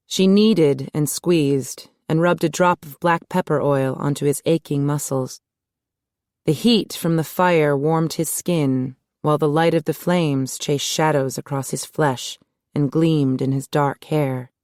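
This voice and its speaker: Low-voiced woman narrating an audiobook. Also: a little mellow, dry recording, studio quality. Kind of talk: scripted narration.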